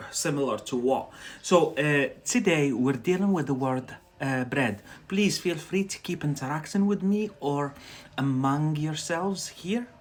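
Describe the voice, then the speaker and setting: Man, from Algeria, non-native English speaker, live-stream English teacher, chatty, frequent fillers. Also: mid-range voice. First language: not English. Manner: chatty, answers chat questions with fillers.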